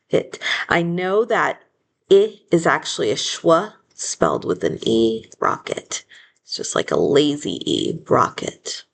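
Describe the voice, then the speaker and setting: A woman teacher giving a phonics lesson, slowly sounding out each word syllable by syllable and modeling the spelling aloud. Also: low voice. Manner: slow and deliberate, sounding out syllables.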